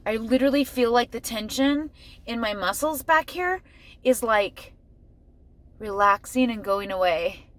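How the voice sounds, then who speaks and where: A woman's voice: a little high, lively intonation, measured pace. A middle-aged woman talking casually to camera in a family vlog, chatty and emotional, full of "like". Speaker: family vlogger. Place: in her car, then at home.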